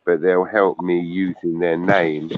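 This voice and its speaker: A man's voice: deep voice, little pitch movement, a little slow, a crowd in the background. A man with a London accent chatting casually, often repeating words as he searches for the next one. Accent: London English. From London, England. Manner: chatty, repeats words while finding them. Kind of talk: casual chat. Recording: tinny phone line with faint hiss.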